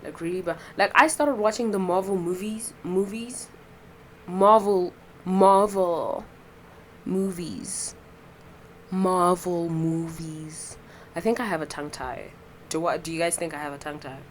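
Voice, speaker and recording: A woman's voice: fairly low pitch, fast, fairly bright tone, a little hiss or hum, poor audio. A young woman hosting a podcast, talking in a casual, rambling monologue full of fillers and swearing. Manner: chatty and profane, rambling with many fillers. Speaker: podcast host.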